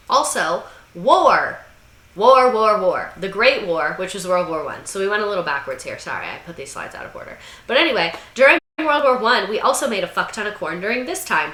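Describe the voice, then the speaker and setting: A woman's voice: medium pitch, pushed and bright, echoey room, poor audio. A young woman hosting a comedic history commentary, irreverent and swearing, with sarcastic asides and mocking voices. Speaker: video essay host. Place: room under bright lights.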